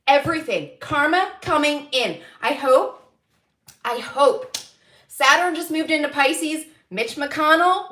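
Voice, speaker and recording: A high-pitched woman with a bright, sharp tone, doing a livestreamed tarot reading. She vents angrily, swearing freely and breaking into laughter, at an unhurried pace. Her voice rings in an echoey room. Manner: angry, profane venting broken by laughter. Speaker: tarot reader.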